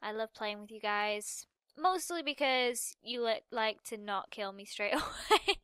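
A woman's voice: on the high side, lively intonation, fairly bright tone, clean tone, no room sound, studio quality. Bubbly young woman, chatty gamer. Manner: bubbly, chatty, rambling with quick laughs. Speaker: gaming commentator. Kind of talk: casual Minecraft let's-play commentary.

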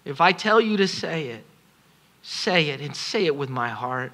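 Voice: medium pitch, lively intonation, a little slow, fairly bright tone. A pastor preaching a sermon at a congregation service, impassioned and pleading, repeating phrases for emphasis.

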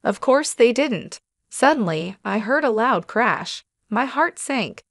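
A woman reading a first-person story aloud as narrator, in a steady, even storytelling manner. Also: fairly high pitch, slow, no room sound, studio quality.

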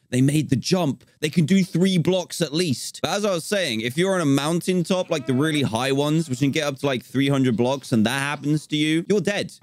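A man giving excitable Minecraft gameplay commentary, laughing often and talking to the game's animals. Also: fairly high pitch, dry recording. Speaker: gaming YouTuber.

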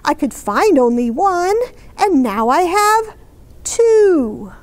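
A woman reading a father's happy lines from a picture book in her own gentle voice. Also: very high voice, big pitch swings, slow pace, heavily acted. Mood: delighted. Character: fond father finding his lost shoe.

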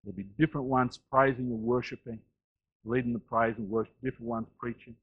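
Male pastor, middle pitch, sermon delivery with big rises and quiet drops; muffled lo-fi church recording. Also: steady tone, a little fast, husky. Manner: rises loud on key phrases, drops low and quiet between.

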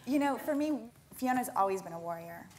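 A woman's voice: medium pitch, expressive, brisk, loud music behind the voice. A woman speaking earnestly in an interview, often restarting her phrases as she talks. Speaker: cast member interviewee. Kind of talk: conversational interview.

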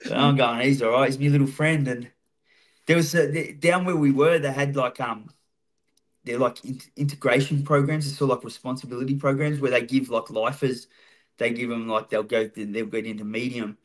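A man's voice: medium pitch, fairly even intonation, normal speed. An Australian man telling stories casually as a podcast guest, swearing freely. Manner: swears freely, laid-back. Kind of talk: casual storytelling.

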